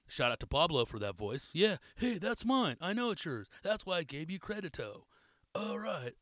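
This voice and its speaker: Male podcast host, bright and punchy, dry close mic, loose and profane delivery. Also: on the high side, sing-song, moderate pace, dry recording. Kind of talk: casual podcast shout-outs.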